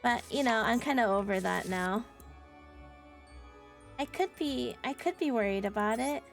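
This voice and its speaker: A woman's voice: on the high side, animated, unhurried, creaky, soft background music. A woman streaming a card game live, chatting with viewers in a playful, sarcastic way and laughing often. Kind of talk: casual live-stream chat while playing a card game.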